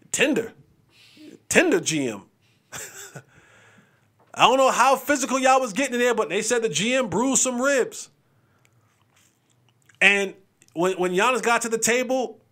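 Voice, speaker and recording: A man's voice: high-pitched, fairly bright tone. A man hosting a sports talk show, chatting casually and animatedly, acting out what players say.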